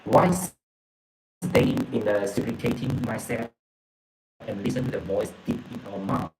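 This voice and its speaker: A man retelling a story from a book and reading a message aloud, halting and repeating words, often filling with okay and yeah. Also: fairly low pitch, animated, a little mellow, reverberant, slight background noise, poor audio. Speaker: presenter retelling a book's story.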